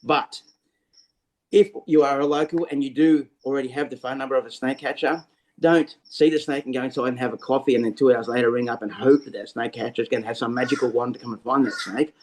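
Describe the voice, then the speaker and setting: An Australian man, a snake catcher, explaining things over a video call in a lively storytelling way. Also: medium pitch, a little hiss or hum, poor audio. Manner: lively storyteller who acts out scenes. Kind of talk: casual explanatory interview talk.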